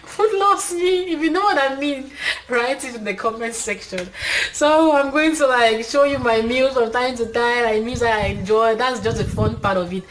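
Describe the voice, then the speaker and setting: A woman's voice: on the high side, moderate pace, slight background noise, low-quality recording. Chatty Cameroonian woman vlogging. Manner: chatty, upbeat, many fillers. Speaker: channel host. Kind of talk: casual vlog to camera. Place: indoors, talking to camera.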